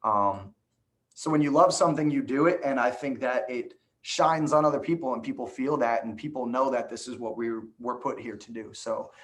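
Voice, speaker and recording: A man's voice: medium pitch, normal speed, a bit bright. A man in his late twenties from New Jersey, a band singer talking earnestly in a casual interview, with a few filler ums. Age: late 20s.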